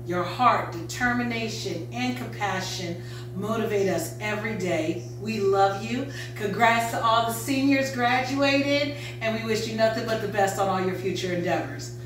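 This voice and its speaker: A woman's voice: mid-range voice, moderate pace, a little hiss or hum. A woman reading an earnest, formal tribute message. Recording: echoey room, far from mic.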